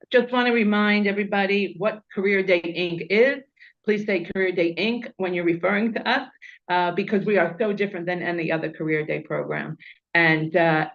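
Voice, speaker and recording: A middle-aged woman, founder of a nonprofit, speaking earnestly as a radio guest. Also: medium pitch. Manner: earnest, heartfelt. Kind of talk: radio interview. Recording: dull lo-fi sound.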